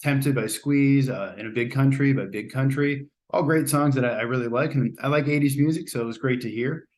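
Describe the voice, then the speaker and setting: Give me a fast-talking man hosting a casual movie review, rambling and hedging as he goes. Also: medium pitch, darkish tone. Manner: chatty, rambling, often hedges and restarts. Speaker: host.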